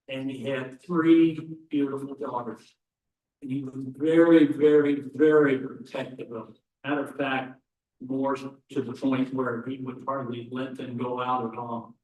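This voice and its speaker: A man's voice: mid-range voice, fairly even intonation, measured pace. A man telling a folksy joke to close a club banquet, with hesitant ums along the way. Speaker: club member closing an event. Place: event hall. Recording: roomy hall, distant mic.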